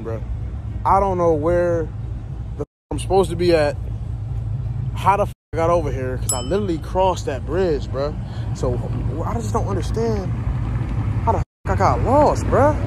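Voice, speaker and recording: Excitable young man vlogging over loud street traffic. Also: sits high. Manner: profane, excitable street slang, talking to viewers. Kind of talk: casual vlog narration on the move. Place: outdoors on city streets, riding a scooter. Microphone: handheld phone while riding. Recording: outdoor phone recording with loud traffic noise. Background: city traffic and street noise.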